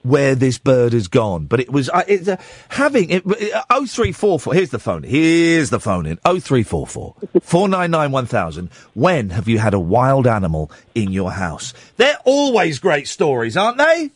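A man hosting a radio phone-in, telling stories with lively energy and acting out voices. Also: mid-range voice, moderate pace, few pauses, husky, dry recording, clean studio sound. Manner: animated storytelling, acts out voices. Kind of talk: late-night radio phone-in chat. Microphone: studio microphone.

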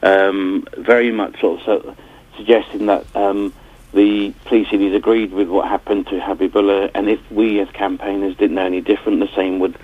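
Husky man on a tinny phone line. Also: fairly low pitch, flat delivery, moderate pace, dry recording. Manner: hesitant, many fillers and restarts. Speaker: campaigner and bereaved family member. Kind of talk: phone-in radio interview.

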